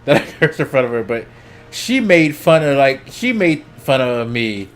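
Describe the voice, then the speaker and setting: A young adult man streaming, telling a story casually, swearing freely and laughing as he goes, his voice jumping up when he gets excited. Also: medium pitch, normal speed. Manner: laughs between lines.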